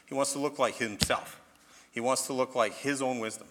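A man teaching the Bible in an animated sermon, asking rhetorical questions and often checking in with "okay?". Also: medium pitch, normal speed, slight background noise.

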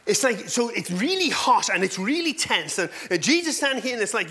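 High-voiced preacher, animated sermon. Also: male voice, brisk, hardly any pauses. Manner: animated, self-deprecating, rhetorical questions. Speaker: pastor.

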